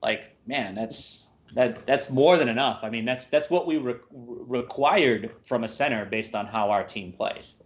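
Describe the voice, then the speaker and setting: A man's voice: mid-range voice, unhurried, hardly any pauses. A man co-hosting a casual sports talk show, speaking in a loose, slangy way full of "dude" and "like". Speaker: sports podcast co-host.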